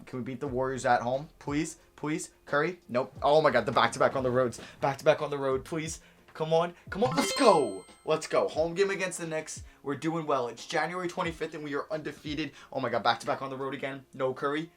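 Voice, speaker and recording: A young adult video game creator giving excited gameplay commentary, pleading and cheering at the screen. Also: mid-range voice, a little fast.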